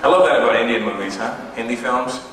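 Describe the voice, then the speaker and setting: A young man from Canada performing an animated stand-up set, acting out voices and characters. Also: medium pitch, quick pace, over a noisy crowd. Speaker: stand-up comedian. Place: large indoor hall with audience. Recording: echoey hall, far from mic, noisy old tape.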